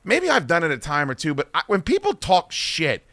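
Animated, profane male podcast host. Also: a little high, fairly quick, dry recording, clean studio sound. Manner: profane, ranting, mocking storyteller. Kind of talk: casual chat.

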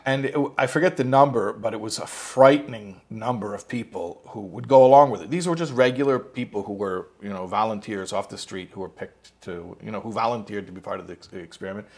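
Husky man teaching in a loose storytelling way. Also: on the low side, a little fast, few pauses. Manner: animated storytelling, acts out quotes; rambling with restarts and asides. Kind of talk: informal spoken lesson.

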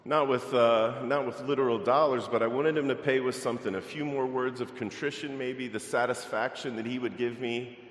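A man's voice: medium pitch, steady tone, moderate pace, few pauses. A middle-aged male pastor preaching a sermon, reading scripture and telling a personal story in a conversational way with fillers. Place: large church sanctuary. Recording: echoey church hall, long reverb.

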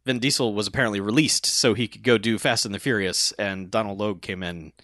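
A man's voice: fairly low pitch, brisk, a bit bright, dry recording, clean studio sound. A man co-hosting a casual podcast, retelling a movie plot with laughs and acted-out quotes. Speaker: podcast co-host. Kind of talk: casual movie recap chat.

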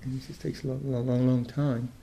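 An older man teaching meditation in a mellow, relaxed voice, thinking aloud as he goes. He starts phrases over and over before settling into his point, in the unhurried manner of a dharma talk. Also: mid-range voice, vocal fry. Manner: thoughtful, halting, with many restarts.

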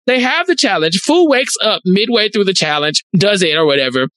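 A man chatting casually as a podcast co-host, animated, telling a story full of "like" fillers. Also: high voice, fairly quick, no echo. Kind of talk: casual chat.

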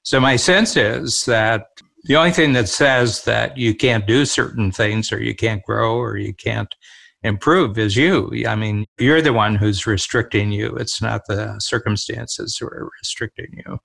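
Older man with gravelly voice. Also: fairly low pitch, measured pace, fairly bright tone. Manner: reflective, storytelling. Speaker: co-host. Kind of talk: casual conversation.

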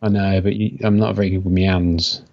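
Low-voiced man on dull lo-fi audio. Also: flat delivery, brisk, gravelly. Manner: rambling, self-deprecating. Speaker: podcast co-host. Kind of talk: casual chat.

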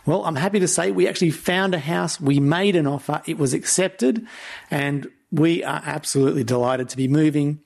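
A man's voice: a little high, moderate pace, creaky, darkish tone. A man hosting a podcast interview, upbeat and effusive as he thanks his guest. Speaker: podcast host.

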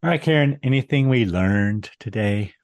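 Brief: male podcast co-host, wry dry recap delivery, mid-pitched, close dry mic. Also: lively intonation, moderate pace, no echo. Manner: dry, wry plot retelling with chuckles. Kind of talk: casual movie recap chat.

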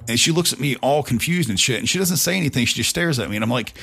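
A man's voice: medium pitch, expressive, fairly quick, vocal fry, a bit bright, husky, soft background music. A middle-aged man hosting a podcast, telling a story in a casual, profane, conversational way. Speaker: podcast host.

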